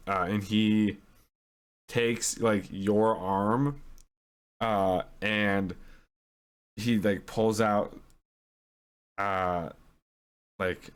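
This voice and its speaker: A man's voice: on the low side, steady tone, very slow, pauses often, clean tone. A man narrating a tabletop role-playing game as its game master, in a rambling, hesitant way.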